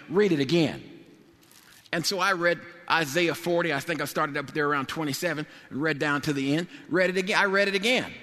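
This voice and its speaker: A man preaching a sermon with rising passion, building up to shouted declarations. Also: fairly high pitch. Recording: long hall reverb.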